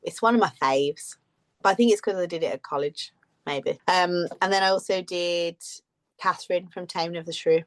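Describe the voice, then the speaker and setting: A woman's voice: on the low side, moderate pace. A woman co-hosting a podcast in casual chat, rambling and laughing often. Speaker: podcast co-host.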